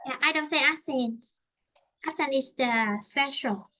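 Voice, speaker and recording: A woman's voice: high-pitched, measured pace, bright, forceful tone, slight background noise. A woman with a Vietnamese accent teaching an English lesson, switching between Vietnamese and English and explaining with many fillers and restarts.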